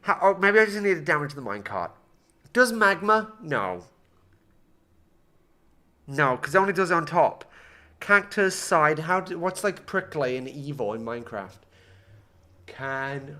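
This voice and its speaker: A man's voice: on the high side, animated, unhurried, pauses often, sharp tone. A man streaming a game live, talking to himself and his chat in an exasperated way as his builds fail. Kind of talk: live-streamed gameplay commentary.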